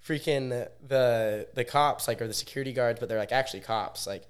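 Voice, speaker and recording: A man's voice: mid-range voice, fairly quick, clean tone. Laid-back young man telling stories. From Oregon, USA. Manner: laid-back, fills speech with "like". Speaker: podcast guest, pro athlete. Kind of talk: casual storytelling.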